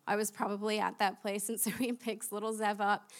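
A young woman preaching a sermon, chatty and animated, laughing at herself as she tells stories. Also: medium pitch, fairly quick.

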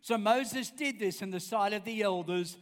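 A man with a very high voice preaches emphatically, pressing his listeners to answer him back. His voice rings out with a long reverb, as though heard in a big hall. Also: normal speed. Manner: emphatic, calls out for congregation responses. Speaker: pastor. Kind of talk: sermon.

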